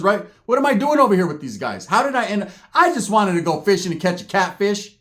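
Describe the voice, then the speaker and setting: A man spinning a profane, comic story with lots of energy, tagging nearly every line with "right?". His voice sits a bit high for a man and swings widely as he acts out the other people in the story. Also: quick pace. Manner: animated, acts out characters, constant "right?" tags.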